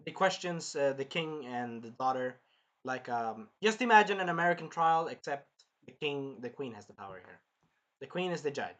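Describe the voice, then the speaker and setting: A reviewer excitedly recapping an anime episode, acting out the characters' shrieks and cries and often losing track mid-sentence. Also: medium pitch, moderate pace. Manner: animated, acts out shrieks and cries; rambling, loses track and restarts.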